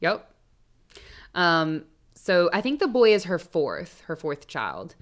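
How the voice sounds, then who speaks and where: A woman with a lowish voice speaks slowly, her pitch swooping wildly. She co-hosts a podcast and recounts a true-crime case in casual chat, swearing freely and tossing in jokey asides as she tells the story.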